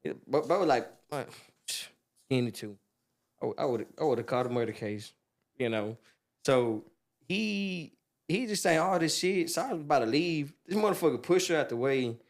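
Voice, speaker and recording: A man with a slightly high voice tells a story as a podcast guest, loose and animated. He laughs often and gets louder when he acts out what people said. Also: moderate pace. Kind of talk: casual storytelling.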